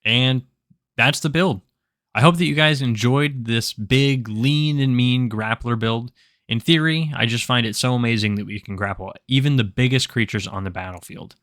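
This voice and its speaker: A man's voice: mid-range voice, normal speed, a bit bright, dry recording, studio quality. A man explaining a tabletop game character build step by step, in a methodical tutorial manner. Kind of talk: screen-recorded game tutorial.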